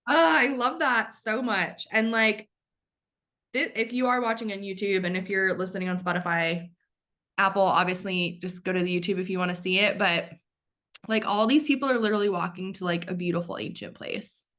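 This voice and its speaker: A bubbly woman hosting a podcast, gushing with excitement and swearing offhandedly. Her voice sits in a middle register, and her talk is loose and conversational. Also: mid-range voice, normal speed. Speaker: podcast host. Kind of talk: casual chat.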